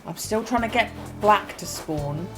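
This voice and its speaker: A woman in her fifties from Essex, with an Essex English accent softened by her mother's corrections. She chats casually as she plays a game, thinking aloud with ums and quick self-corrections. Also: mid-range voice, lively intonation, over music, poor audio. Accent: Essex English, softened by parental correction. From England, Essex. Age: 50s. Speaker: game streamer. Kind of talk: casual gameplay commentary.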